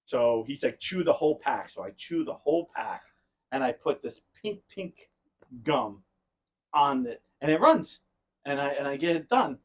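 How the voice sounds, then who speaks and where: A man's voice: mid-range voice, expressive, measured pace. A man hosting a podcast, telling a long rambling story in casual chat and often breaking into laughter. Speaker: podcast host.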